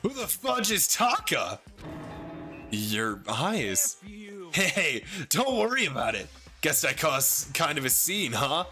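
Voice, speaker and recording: A man voicing a rigid young man who has suddenly turned into a loud, excitable tough guy. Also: a little high, slow pace, soft background music, pitched above the performer's own voice, heavily acted. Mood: fired up.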